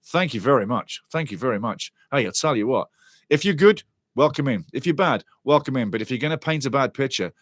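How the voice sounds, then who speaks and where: An older man from Wales hosting a football watchalong stream, chatting casually, joking and reading out viewer comments, now and then breaking into excited shouting. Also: medium pitch, brisk, no room sound, clean studio sound. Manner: excitable, jokey, bursts into shouting.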